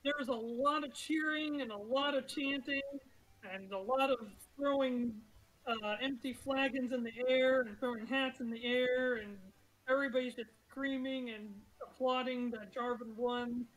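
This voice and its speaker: Woman game master narrating brightly. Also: high voice, steady tone, a little slow, rough recording. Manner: chatty, laughs through descriptions.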